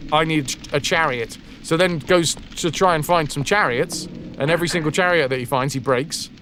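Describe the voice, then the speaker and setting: A man's voice: a little high, fairly quick, a bit bright, a little hiss or hum. A man streaming a game and casually retelling a legend, rambling, swearing and correcting himself as he goes. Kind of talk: casual storytelling while gaming.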